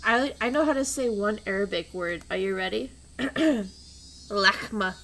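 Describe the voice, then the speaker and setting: Woman, streamer, reading a visual novel aloud, casual chat, animated, swearing, middle pitch, faint hiss. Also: unhurried. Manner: animated, loud and profane when ranting.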